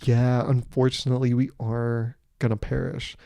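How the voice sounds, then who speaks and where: Man playing a cheery ship crewman, corporate customer-service talk, mellow voice, dry close sound. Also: medium pitch, flat delivery, normal speed, vocal fry, no room sound, lightly acted. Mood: chipper. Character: overly polite male cruise ship staffer.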